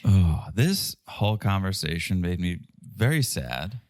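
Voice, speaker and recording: Male podcast co-host, low and dry, casual wry recap chat. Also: sing-song, measured pace, a little mellow, no echo. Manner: wry, jokey asides with quoted voices.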